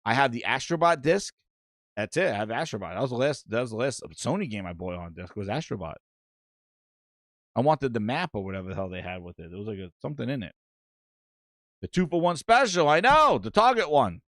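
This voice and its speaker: A man's voice: mid-range voice, brisk, no room sound, studio quality. A man hosting a gaming podcast, ranting casually with plenty of swearing and reading chat messages aloud. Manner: animated, profane, reads chat aloud. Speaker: podcast host. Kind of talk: casual live-stream rant.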